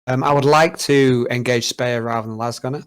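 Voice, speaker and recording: A man's voice: mid-range voice, steady tone, normal speed, clean tone. A man playing a tabletop game, talking casually and hesitantly with many fillers. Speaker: player.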